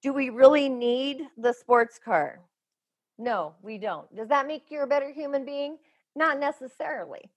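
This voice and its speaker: Chatty, emphatic woman medium, slightly high. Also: animated, measured pace. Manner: chatty, emphatic, loose and frank. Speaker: holistic medium, guest. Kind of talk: casual interview talk.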